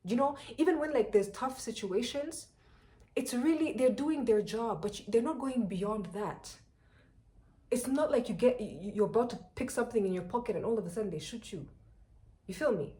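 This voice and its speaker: A young woman from Rwanda, telling a personal story to her viewers in an animated, chatty way. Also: fairly high pitch, normal speed. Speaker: vlogger.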